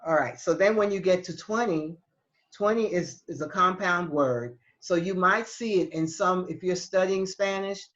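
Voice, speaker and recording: Patient woman teaching over muffled call. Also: fairly low pitch. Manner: patient, halting explanations with many restarts. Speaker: Spanish teacher. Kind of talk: online class for seniors.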